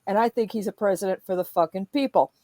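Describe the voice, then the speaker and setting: A woman's voice: mid-range voice, quick pace, warm tone, no room sound. A woman in a profane, emphatic political rant, speaking as a podcast host.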